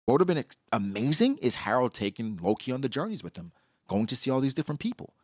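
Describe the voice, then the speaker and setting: A man giving casual, slangy commentary on a comic chapter, acting out characters in quick asides. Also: medium pitch, very animated, no echo, clean studio sound. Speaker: manga reaction host.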